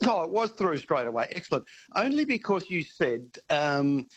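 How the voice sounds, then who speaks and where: A man's voice: a little high, very animated, moderate pace, husky, lo-fi sound. A man calling in to a radio show, blunt and enthusiastic. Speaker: caller. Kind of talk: talkback radio call.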